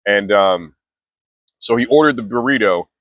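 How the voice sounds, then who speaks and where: A man's voice: fairly low pitch, moderate pace, fairly bright tone, dry recording. Laid-back slangy young man, dry sound. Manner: laid-back slangy talk with many restarts. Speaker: mindfulness vlogger. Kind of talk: casual storytelling monologue.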